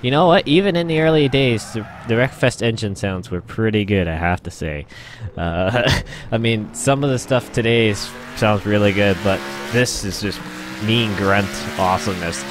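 A man's voice: on the low side, normal speed, noisy background. A man hosting a gaming channel, giving rambling let's-play commentary with lots of laughter and exclamations. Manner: excitable, laughs and exclaims often; rambling, repeats himself.

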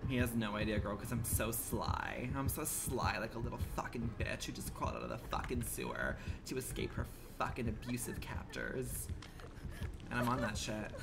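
A man streaming a game live, commenting in a campy, profane way and swinging from low murmurs to shrill outbursts. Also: animated, normal speed, gravelly, few pauses, music in the background.

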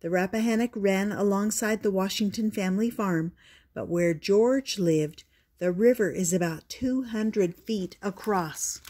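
An older woman reading a children's picture book aloud, gentle and deliberate, with little asides to the listener. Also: mid-range voice, breathy edge. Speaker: storyteller.

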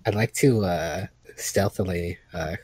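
A man with a low, husky voice plays a tabletop game with friends. He gives commands in a playful, deliberate way. The recording is dry and close. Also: a little mellow, no echo. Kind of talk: casual role-play chat.

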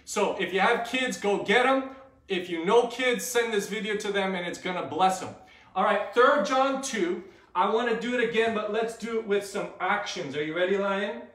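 A man's voice: high voice, normal speed, fairly bright tone. A man hosting a children's church show, upbeat and leading the kids in call-and-response. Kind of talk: kids' Bible lesson. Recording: echoey room.

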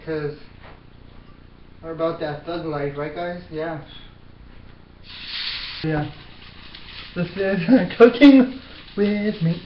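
A man's voice: sits high, a little hiss or hum. A young man chatting casually through a cooking vlog in his apartment kitchen, self-mocking, swearing and yelping, recorded on a lo-fi camera mic. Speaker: cooking vlogger. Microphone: built-in camera mic. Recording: roomy, dull lo-fi camera sound.

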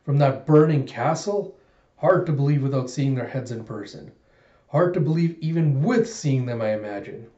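Gloating villain shogun, comic read-aloud, low-key menace, a man doing it in a mellow voice, roomy dull mic. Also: moderate pace, lightly acted. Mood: scheming.

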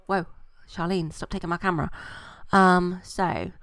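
A woman's voice: lowish voice, steady tone, measured pace, fairly bright tone, no echo. A British woman hosting a gaming channel, giving casual, rambling let's-play commentary full of fillers. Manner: chatty and rambling, with many fillers.

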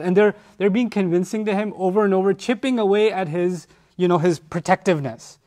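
A man giving a conversational Quran lesson, animated, explaining by acting out what people say. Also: high-pitched, fairly quick, few pauses. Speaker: Quran teacher.

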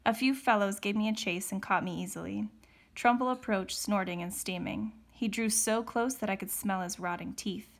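A female teacher reads a novel aloud at a moderate pace, her medium-pitched voice steady apart from occasional self-corrections.

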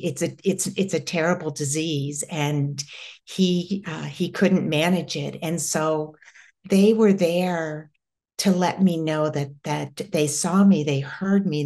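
A middle-aged woman from the United States recounts a personal spiritual experience. She speaks very slowly in a fairly low voice, pausing and restarting her sentences often. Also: darkish tone. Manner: slow, halting, with many restarts. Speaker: interview guest.

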